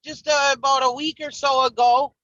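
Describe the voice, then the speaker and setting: A woman's voice: high voice, fairly even intonation, moderate pace, a bit bright, no echo, highs cut off. A woman teasing a friend in a casual group video call. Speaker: hangout participant.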